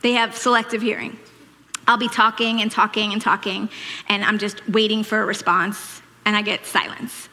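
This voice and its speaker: A woman's voice: medium pitch, flat delivery, normal speed, pushed and bright, big-room sound. A woman in her forties from Long Island, New York, with a faded Long Island accent, giving a chatty, self-deprecating Mother's Day sermon from a church stage. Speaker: church speaker.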